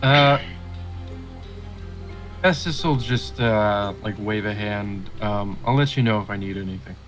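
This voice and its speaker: A man playing a tabletop role-playing game, laid-back and often clearing his throat. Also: fairly low pitch, slow pace, fairly bright tone, soft background music. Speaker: player.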